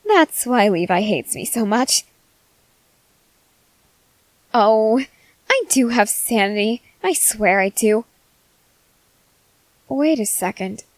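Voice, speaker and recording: Woman doing an eccentric female scientist, ASMR role-play, high voice, swooping wildly, slow and dry. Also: big pitch swings, no echo, poor audio. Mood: creepy. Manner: gushing, coaxing, cheerfully unsettling. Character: eccentric excitable female scientist, creepily sweet.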